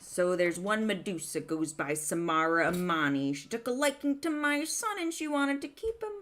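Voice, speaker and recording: A woman's voice: on the low side, big pitch swings, normal speed, fairly bright tone. A woman playing a weary adventurer mother, subdued and trailing off. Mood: bitter. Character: weary mother adventurer, bitter, low-key.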